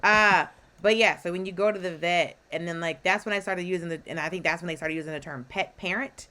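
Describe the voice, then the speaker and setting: A woman's voice: on the low side, fairly quick, bright, forceful tone. A woman co-hosting a podcast in casual chat, telling stories with playful asides. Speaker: podcast co-host. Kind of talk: casual chat recapping a drama.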